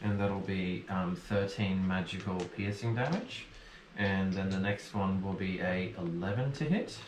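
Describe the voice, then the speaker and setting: A man playing in a tabletop game, relaxed and a little hesitant. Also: sits low, measured pace, echoey room, slight background noise. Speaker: player.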